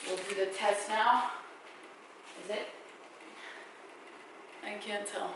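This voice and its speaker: A woman's voice: medium pitch, steady tone, takes it slowly, reverberant, background noise. A young woman filming a casual clothing try-on haul at home on her camera, chatty and upbeat, full of fillers. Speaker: fashion vlogger. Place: room at home. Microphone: camera mic.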